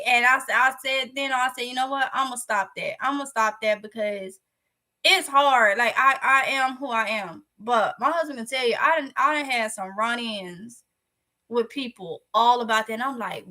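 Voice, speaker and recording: With a fairly high-pitched voice and a moderate pace, a Southern-accented woman from Mississippi chats candidly to her vlog viewers. She relates a story casually, retelling it in a lively way.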